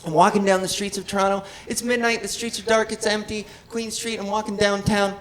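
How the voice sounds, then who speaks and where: A woman's voice: medium pitch, brisk, slight background noise. Resonant woman doing stand-up. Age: 30s. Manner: swings to excited shouting when worked up. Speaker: stand-up comedian. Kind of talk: stand-up comedy set. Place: comedy club stage.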